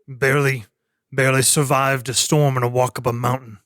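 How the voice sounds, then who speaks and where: A man's voice: medium pitch, fairly bright tone, no echo, studio quality, close to an everyday voice. A man voicing a burly man in his fifties with a mocking, scornful manner.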